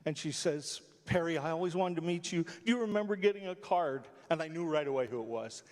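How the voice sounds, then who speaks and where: A middle-aged or older man, a radio personality, telling emotional stories with animated energy on stage to a live audience. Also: a little high, fairly quick. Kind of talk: storytelling speech to a live audience. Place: theatre stage. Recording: reverberant hall.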